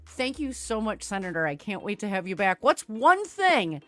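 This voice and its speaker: A woman hosting a radio talk show, brisk and direct, speaking to her listeners as folks. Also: medium pitch, very animated.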